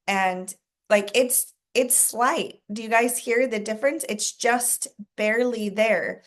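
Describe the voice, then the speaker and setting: A woman leading a casual sales coaching call, talking to a group, asking them questions and clearing her throat often. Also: medium pitch, fairly even intonation, slow.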